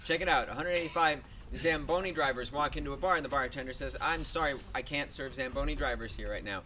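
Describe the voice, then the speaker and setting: A man improvising joke setups in a dry, deliberate storytelling manner. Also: medium pitch, bright, forceful tone, slight background noise. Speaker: improv performer.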